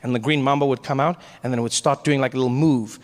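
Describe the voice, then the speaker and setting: A man doing stand-up comedy, telling a story in an animated way and slipping in voices for the people in it. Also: mid-range voice, fast, big-room sound.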